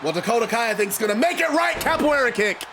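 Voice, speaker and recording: A man giving excited, casual play-by-play commentary on a wrestling video game he is playing, shouting at the big moments. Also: very high-pitched, quick pace, background noise. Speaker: gamer commentating his own matches.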